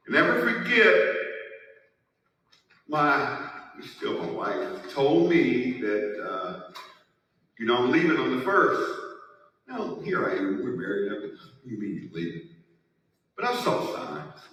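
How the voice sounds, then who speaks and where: A man speaks to an audience in a bright, forceful voice, pitched a little high for a man. He tells his personal story emphatically, and the feeling builds as he goes. The sound comes from some distance off and rings with long reverb in a large hall. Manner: emphatic storytelling with rising emotion. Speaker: network marketing speaker. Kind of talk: testimonial speech to an audience. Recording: echoey hall, voice from far off.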